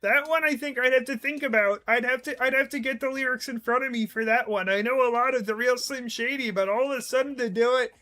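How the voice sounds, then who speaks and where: A man's voice: extremely high pitch, quick pace, hardly any pauses, pushed and bright, soft background music, pitched above the performer's own voice. A man voicing a boisterous Australian bushman with a put-on Australian accent, rambling and jokey. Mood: goofy.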